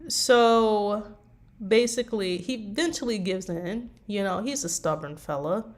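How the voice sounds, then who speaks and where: A woman's voice: mid-range voice, measured pace. A tired woman chatting casually about writing her fanfiction, rambling with lots of fillers. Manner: rambling, meandering with many fillers. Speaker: fanfiction writer. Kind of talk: casual chat.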